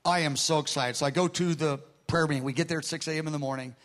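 A man preaching a sermon, telling a story with lively quoted dialogue and repeating words as he starts phrases. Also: a little high, quick pace.

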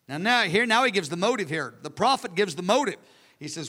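A man preaching a sermon in an animated, conversational way, acting out the characters between his asides. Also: sits high, a little fast. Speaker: pastor. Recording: long hall reverb.

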